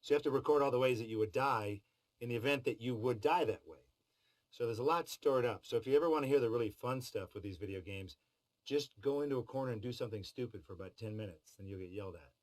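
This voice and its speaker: A man's voice: medium pitch, fast, poor audio. A middle-aged man talking in a behind-the-scenes interview about voice work, with a wry, joking manner. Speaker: voice actor in behind-the-scenes feature. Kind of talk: interview talk.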